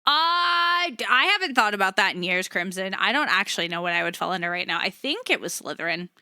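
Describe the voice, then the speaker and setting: A woman's voice: mid-range voice, expressive, fairly quick, bright, forceful tone, smooth, no echo, clean studio sound. A woman streaming live, chatting casually with her viewers, laughing often and swearing freely.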